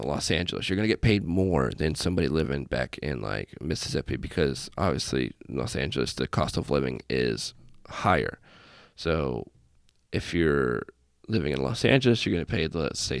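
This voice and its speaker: Man, deep voice, gravelly, casual podcast ramble, dry close sound. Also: no room sound. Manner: rambling, tangent-prone, self-deprecating. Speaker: podcast host, airman. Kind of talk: casual solo podcast talk. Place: small room with festive lights. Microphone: desk setup in front of laptop.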